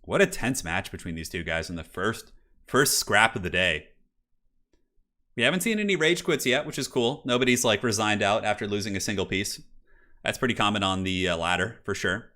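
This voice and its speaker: A man's voice: lowish voice, expressive, moderate pace, sharp tone. A man casually commentating a chess match on a live stream, chatty and jokey, answering chat and swearing now and then. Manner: loose fillers, swears casually.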